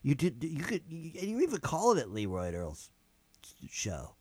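A man's voice: fairly high pitch, wildly swooping pitch, normal speed, a little mellow, breathy edge, no echo. A man heckling the host with dry, sarcastic comments in casual banter. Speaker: studio co-worker.

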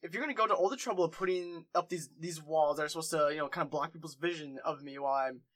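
A man with a fairly high voice who co-hosts a comedy podcast. He rambles and restarts his sentences in a loose, casual way. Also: quick pace, fairly bright tone. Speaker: podcast co-host.

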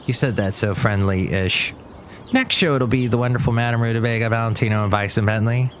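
A man hosting his own show in an easygoing, rambling monologue. He thinks aloud and drifts from one thought to the next. His voice sits at an ordinary middle pitch. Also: fairly even intonation, a little fast, slight background noise. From California. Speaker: host.

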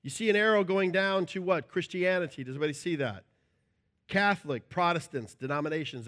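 Speaking fairly quickly in a high-pitched voice, a middle-aged pastor preaches with animated, playful energy. He acts out short scenes, using shouts and joking voices.

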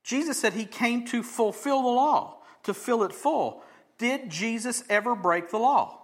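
High-voiced man preaching with dramatic swings. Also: expressive, measured pace. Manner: dynamic preacher, swings from loud emphasis to hushed near-whisper; acts out quoted voices of crowds and Jesus. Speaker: pastor. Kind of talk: sermon.

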